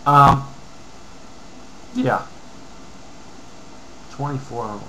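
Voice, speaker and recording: A man's voice: medium pitch, very slow, sharp tone, slight background noise, poor audio. A man from Canada ranting angrily on a home vlog, reading comments aloud with lots of profanity and mumbled asides. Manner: angry, profane, heated rant with mumbled asides. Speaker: vlogger.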